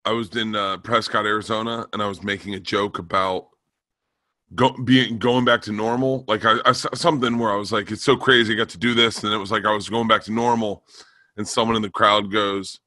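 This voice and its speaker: Male co-host, low pitch, bright tense tone, storyteller. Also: steady tone, fairly quick, no room sound, clean studio sound. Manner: storytelling, chatty. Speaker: podcast co-host. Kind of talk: casual chat.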